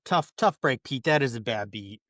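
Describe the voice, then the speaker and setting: A man's voice: medium pitch, lively intonation, moderate pace, fairly bright tone, dry recording, clean studio sound. Swearing, rambling podcast guy. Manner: rambling, swears freely, laughs at himself. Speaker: podcast co-host. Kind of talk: casual chat.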